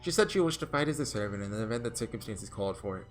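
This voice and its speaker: A man voicing a calm, precise gentleman detective who speaks in measured, formal diction. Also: on the low side, soft background music, lightly acted.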